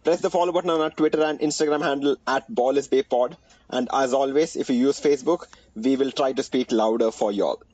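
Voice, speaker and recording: A man's voice: mid-range voice, fairly quick, darkish tone, dry recording, low-quality recording. A man with an Indian accent hosting a casual basketball podcast, joking around and often restarting his sentences. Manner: playful, rhyming intro, frequent restarts. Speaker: podcast host.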